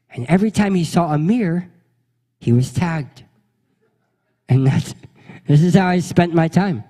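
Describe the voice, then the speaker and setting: A young adult man, a pastor, telling a funny childhood story in an animated way and acting out the voices of the people in it. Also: on the high side, big-room sound. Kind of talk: storytelling sermon.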